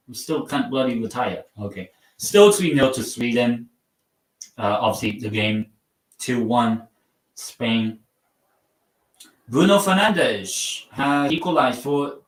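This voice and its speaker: A man hosting a casual live football watchalong. He rambles and mocks himself, and his sentences often trail off quietly. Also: medium pitch. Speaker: live stream host. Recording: roomy sound from a mic at some distance.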